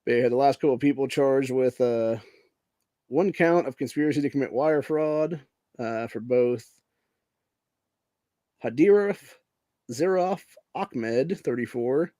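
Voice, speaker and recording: A man's voice: mid-range voice, warm tone, dry recording. Profane, heated male commentary host. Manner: profane, says "dude" constantly, grows heated; reads news items aloud while screen sharing. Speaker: podcast host. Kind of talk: casual political commentary.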